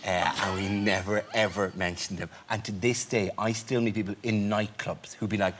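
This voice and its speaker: A man with an Irish accent, a comedian guest on a chat show, telling a lively comic anecdote and tagging lines with "right?". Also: on the low side, normal speed, a little hiss or hum. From Ireland. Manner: lively storytelling, tags lines with "right?", laughs through his words; slips into silly voices for people in his stories.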